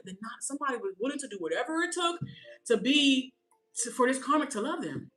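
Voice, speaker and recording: Woman, tarot reader, bright tense voice, animated, blunt slang, swears freely. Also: fairly high pitch, brisk, low-quality recording. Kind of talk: casual tarot reading to camera.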